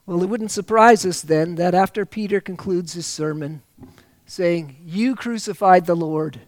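A man preaching a sermon, reading scripture aloud and rising to loud, slowed emphasis on key phrases. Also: high voice, no echo.

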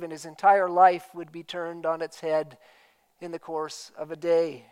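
A man's voice: high-pitched, clean tone, poor audio. A man preaching a sermon as pastor, emphatic and full of rhetorical questions.

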